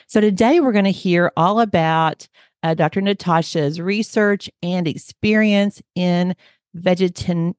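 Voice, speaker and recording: A woman's voice: on the low side, a little mellow, dry recording, clean studio sound. A woman with an Oklahoma Southern twang, hosting a podcast interview in an effusive, enthusiastic way with many fillers. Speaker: podcast host. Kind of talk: casual interview.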